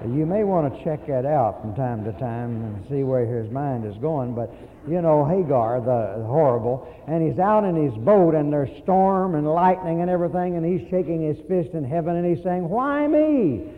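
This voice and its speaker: A man with a fairly high voice preaches a sermon, slowing on the words he wants to stress and putting rhetorical questions to the congregation. The recording is thin and phone-like, and a long hall reverb trails after each phrase.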